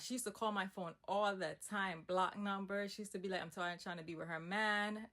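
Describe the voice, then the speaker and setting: A woman's voice: mid-range voice, a little fast, hardly any pauses. A young woman telling a personal story in a casual, emphatic storytime monologue with asides. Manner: animated, emphatic retelling with asides.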